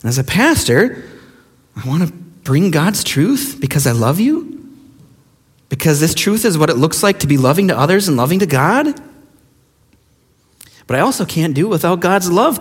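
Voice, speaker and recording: A man's voice: high-pitched, husky. A middle-aged man preaching a sermon as pastor, emphatic and mocking as he acts out quoted voices. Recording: long hall reverb.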